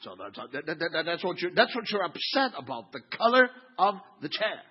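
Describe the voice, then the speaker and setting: A pastor in his fifties preaching a sermon, swinging from quiet asides to loud exclaiming. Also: high-pitched, sing-song, normal speed, breathy edge, lo-fi sound. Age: 50s.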